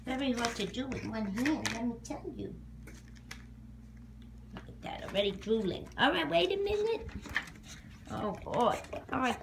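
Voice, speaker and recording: A woman's voice: a little high, moderate pace, pauses often, noisy background. A woman hosting a home cooking video, talking to her dog in a coaxing, playful way. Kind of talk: casual talk to her pet.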